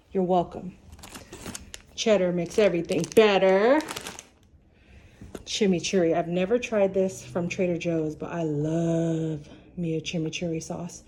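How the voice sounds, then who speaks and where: A woman's voice: fairly low pitch, darkish tone, a little hiss or hum. A woman in her forties chatting casually at home for her vlog, rambling with lots of restarts and fillers. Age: 40s. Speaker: vlogger.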